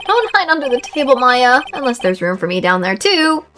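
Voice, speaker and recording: A woman's voice: high-pitched, brisk, over music. A woman streamer chatting and reacting as she plays a courtroom game. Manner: chatty, giggly, lively. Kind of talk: live gameplay commentary.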